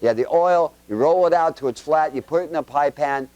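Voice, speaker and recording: A man giving an informal Bible teaching to a congregation with children, firing quick questions at them in a chatty, joking way with homespun examples. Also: fairly high pitch, darkish tone, no room sound. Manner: quizzes the audience with quick questions.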